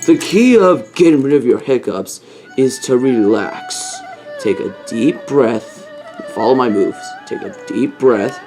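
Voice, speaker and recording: A man voicing a male ape swordsman who acts as a sensei, jumpy and boastful but calm when teaching, in a homemade toy-animal story. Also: mid-range voice, measured pace, over music.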